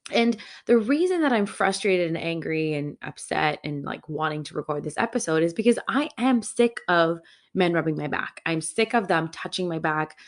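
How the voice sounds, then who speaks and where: A young adult woman hosting a solo podcast, talking candidly and with animated frustration. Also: on the low side, normal speed. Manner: candid and animated, quoting her own thoughts with frustration. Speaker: podcast host.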